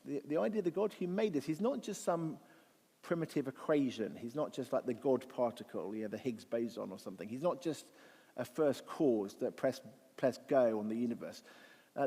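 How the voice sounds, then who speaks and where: Guy giving a church talk, mid pitch, chatty and thoughtful, lots of echo from a big hall. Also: mellow, breathy edge. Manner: conversational and reflective, with frequent restarts and rhetorical questions. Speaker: guest speaker at a church event. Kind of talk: apologetics talk to an audience. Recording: long reverb of a large hall.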